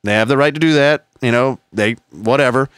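A man's voice: medium pitch, brisk, fairly bright tone, smooth, no room sound, clean studio sound. A man co-hosting a podcast, ranting heatedly with profanity and sarcastic put-on quotes. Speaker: podcast co-host. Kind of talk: casual podcast rant.

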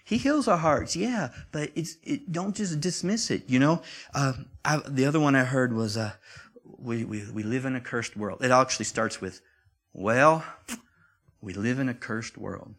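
A man preaching a sermon to his congregation, talking in a conversational, repetitive way. His voice sits in a middle pitch range. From time to time he pushes up into loud, emphatic declarations. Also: animated, normal speed. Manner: conversational, repeats himself, rises to emphatic peaks.

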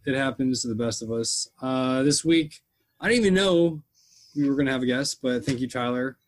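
A man's voice: medium pitch, moderate pace. A young man hosting a casual podcast chat, telling rambling jokey stories. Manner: rambling, joking storyteller. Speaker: podcast host.

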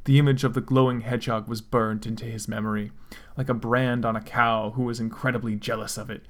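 A man dramatically reading fan fiction aloud, with deadpan asides. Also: medium pitch, fairly quick. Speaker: comedic fanfic reader.

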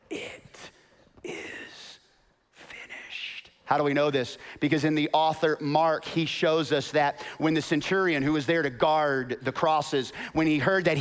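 A male pastor preaches in a church with a fairly high voice. He drops to near-whispers, then builds to loud, shouted proclamation. He calls on the congregation to repeat after him. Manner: swings from hushed storytelling to rising, shouted proclamation. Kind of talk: sermon.

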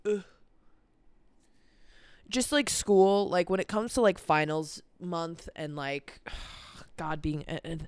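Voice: mid-range voice, fairly bright tone, smooth, no echo. An eighteen-year-old podcast host talking in a tired, rambling, sweary way, full of "like" fillers, about stress and a busy month. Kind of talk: casual vlog-style chat. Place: cold indoor room. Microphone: camera on a timer.

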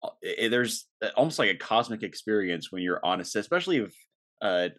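Male podcast host, low-pitched, upbeat and talkative. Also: animated, fast, fairly bright tone. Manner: enthusiastic, chatty, laughs easily. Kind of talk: casual podcast chat.

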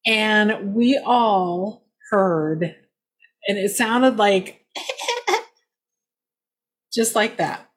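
Woman, paranormal investigator, casual roundtable storyteller; raspy-edged voice, loose and chatty with lots of fillers. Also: mid-range voice, extremely slow. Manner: rambling, many fillers, laughs often.

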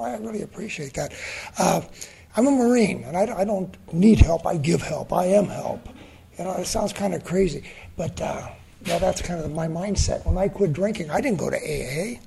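An older man shares at a support group meeting, his voice heavy with gravelly fry and set fairly high. He talks bluntly and pokes fun at himself. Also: a little mellow. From San Diego area, USA. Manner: blunt, self-mocking. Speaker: meeting speaker.

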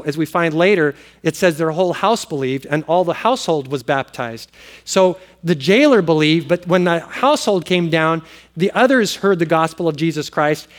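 Animated preaching man, fairly high voice. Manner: animated storytelling, swings from loud exclamations to hushed earnest tones. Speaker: pastor. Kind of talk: sermon.

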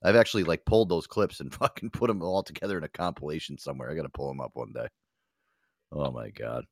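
A man's voice: rumbling low, fast talker, no room sound, studio quality. A middle-aged man co-hosting a casual podcast, telling a workplace story full of profanity and acted-out quotes. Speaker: co-host.

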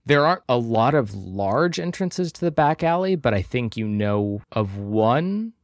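A man running a tabletop role-playing game as game master, narrating scenes in a measured, descriptive way with casual asides. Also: mid-range voice, big pitch swings, no echo, clean studio sound.

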